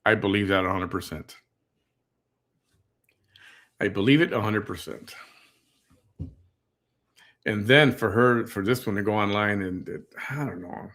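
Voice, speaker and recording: A man's voice: fairly low pitch, measured pace, pauses often, a bit bright. A middle-aged man, hosting a casual reaction commentary, blunt and indignant as he tells stories. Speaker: host.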